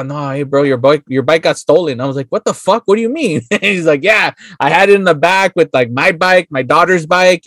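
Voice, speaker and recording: Slightly high-voiced, easygoing podcast host. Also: male voice, no echo, clean studio sound. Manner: relaxed storyteller, swears casually, laughs often. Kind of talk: casual chat.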